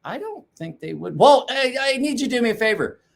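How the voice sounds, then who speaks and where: A man's voice: extremely high pitch, sing-song, a little fast, creaky. A man in his forties hosting a casual knife-sharpening chat show from his garage, rambling, swearing and laughing often. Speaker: knife sharpening podcast host. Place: home garage.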